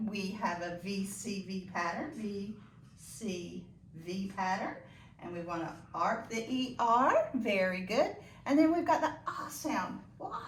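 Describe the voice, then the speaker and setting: A woman teaching a phonics lesson to children, slow and encouraging with sing-song praise. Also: medium pitch, slight background noise. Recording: echoey room, voice from a distance.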